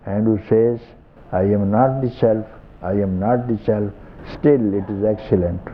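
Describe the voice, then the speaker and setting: Slow older Indian man, tinny tape. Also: fairly low pitch, slight background noise. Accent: Indian English. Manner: slow, repetitive, gently chuckling. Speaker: spiritual teacher. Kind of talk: satsang talk.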